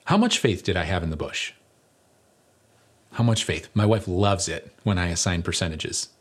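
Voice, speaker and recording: Husky-voiced male pastor preaching. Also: deep voice, normal speed. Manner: earnest, building to emphatic peaks, with light humor. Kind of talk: conversational sermon.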